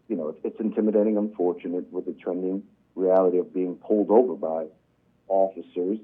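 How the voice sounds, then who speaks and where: Phone-in caller: man, low husky voice, earnest and searching, tinny phone line. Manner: earnest, searching, hesitant restarts. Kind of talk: call-in question to a radio panel.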